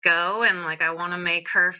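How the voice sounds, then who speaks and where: A woman's voice: lowish voice, flat delivery, normal speed, sharp tone, lo-fi sound. A woman guest from Southern California talking candidly in a casual interview, full of fillers and frequent laughs. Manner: candid, giggly, filler-heavy.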